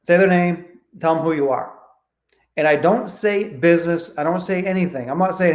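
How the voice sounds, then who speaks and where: A man with a high voice runs a live training, talking energetically and swearing freely. He acts out both sides of sales calls as he coaches. The sound is roomy and echoey. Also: normal speed. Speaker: real estate coach.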